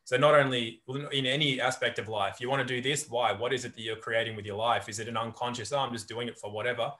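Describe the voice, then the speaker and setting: A male guest on a podcast talks in a relaxed, reflective way and often tells anecdotes. He coaches people and speaks conversationally at a middle pitch. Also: quick pace. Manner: storytelling, reflective.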